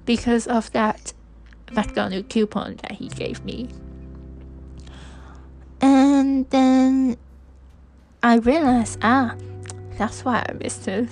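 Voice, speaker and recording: A young woman speaks slowly in a fairly high voice, hesitating and restarting often as she reflects aloud on a solo podcast. Soft music plays faintly behind her. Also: poor audio. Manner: slow, hesitant, with many restarts and fillers. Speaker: podcast host. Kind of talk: personal reflective monologue.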